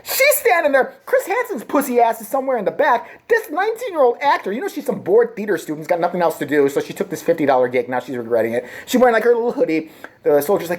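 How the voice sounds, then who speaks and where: A woman's voice: mid-range voice, very animated, fast, darkish tone. A woman vlogger delivering a crude, sarcastic comedic rant. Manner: crude, sarcastic, swings into mocking voices.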